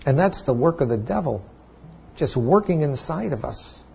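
A pastor delivers a sermon in a husky, raspy voice that sits a bit high for a man. He talks conversationally, stumbling into restarts and then climbing to emphatic peaks. The recording sounds dull and lo-fi. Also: sing-song, moderate pace.

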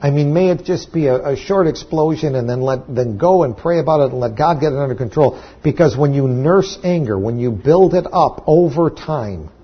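A man's voice: fairly high pitch, animated, normal speed, hardly any pauses, husky, dull audio. A man preaching a sermon to his church, talking in a conversational way with restarts and sudden emphatic peaks. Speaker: pastor.

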